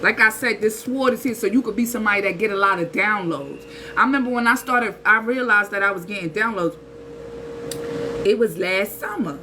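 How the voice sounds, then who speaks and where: A woman, giving a casual spiritual talk in an animated, preachy way with slang and rhetorical asides. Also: mid-range voice, brisk, noisy background. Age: 30s. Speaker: spiritual channel host.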